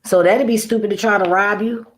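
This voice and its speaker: A woman's voice: mid-range voice, fairly even intonation, a little fast. Blunt, profane woman ranting on camera. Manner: profane, blunt, keeps laughing at own remarks. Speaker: vlogger. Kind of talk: casual rambling rant to camera.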